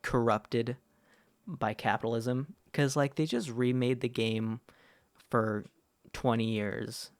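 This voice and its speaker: Man, gaming streamer, casual rambling chat, self-correcting, mid pitch, gravelly edge. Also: fairly even intonation, takes it slowly, no echo.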